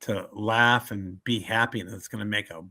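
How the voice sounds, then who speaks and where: Bright-voiced man telling stories in an interview. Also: lowish voice, normal speed. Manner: animated storyteller who acts out quoted people; frequent restarts and stammers when thinking. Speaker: comedian and motivational speaker. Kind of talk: casual podcast interview.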